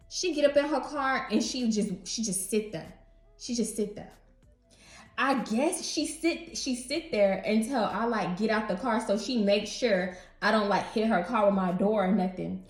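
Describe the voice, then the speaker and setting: A young woman casually telling a storytime story to her viewers, animated and slangy, speaking straight to camera. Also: a little high, moderate pace. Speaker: beauty vlogger. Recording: roomy echo.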